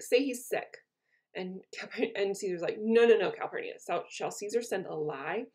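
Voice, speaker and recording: A woman's voice: medium pitch, a little mellow. A woman teacher reading lines from a play aloud and retelling them in casual everyday words for her students. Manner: casual paraphrase.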